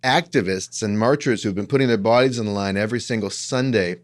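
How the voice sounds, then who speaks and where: Low-voiced wry male podcast host. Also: fast. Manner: reflective, wry, self-deprecating. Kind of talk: casual conversational podcast talk.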